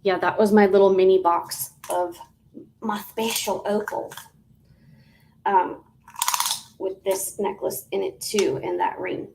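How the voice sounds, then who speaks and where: Woman, live-stream jewelry seller, slow chatty delivery, soft half-whispers, sing-song greetings, faint background noise. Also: medium pitch, fairly even intonation, creaky. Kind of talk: live auction sales stream.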